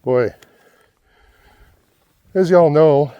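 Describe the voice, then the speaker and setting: A man's voice: fairly high pitch, extremely slow, clean tone, no echo, dull audio. A man talking casually while hiking a desert trail, out of breath and joking at his own expense. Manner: chatty, self-deprecating. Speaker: vlogger.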